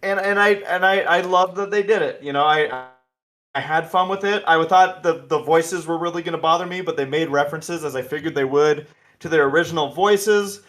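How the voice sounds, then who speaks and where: A man's voice: a little high, fairly quick, a bit bright. A man hosting a podcast, chatting casually and animatedly with many restarts and asides. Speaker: podcast host.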